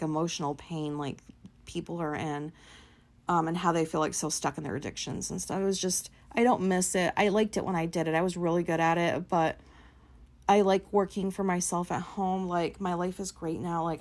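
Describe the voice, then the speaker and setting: A woman's voice: lowish voice, steady tone, fairly quick. A woman, likely, hosting her own show and telling a personal story in a blunt, profane, filler-heavy way. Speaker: podcast host.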